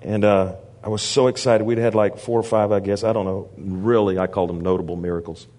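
A man preaching to a church, telling animated stories and laughing often between lines. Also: lowish voice, fairly quick. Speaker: guest preacher. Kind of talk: storytelling sermon.

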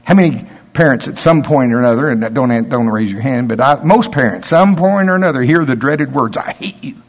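Folksy older preacher, lively pitch. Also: male voice, a little fast. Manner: folksy storytelling, swings from low asides to loud preaching. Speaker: pastor. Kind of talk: sermon.

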